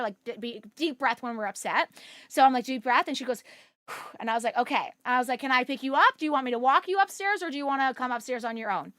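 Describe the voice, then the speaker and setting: Young woman streamer, chatty and loose, many fillers; bright voice, dry sound. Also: a little high, no room sound. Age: young adult. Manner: chatty, talks to viewers by name, many fillers. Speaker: livestream host. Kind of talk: casual chat with live chat.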